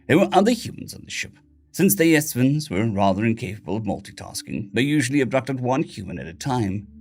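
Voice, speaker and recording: A man narrating a science fiction audiobook in a steady, even storytelling voice. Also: mid-range voice, a little fast. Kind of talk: scripted sci-fi narration.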